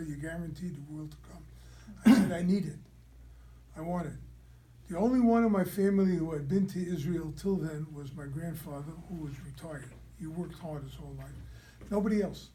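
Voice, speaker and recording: A rabbi tells a personal story to his class, with a mellow, warm voice pitched slightly high for a man. He is animated and keeps checking in with his listeners. Faint noise sits under the recording. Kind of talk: storytelling lecture.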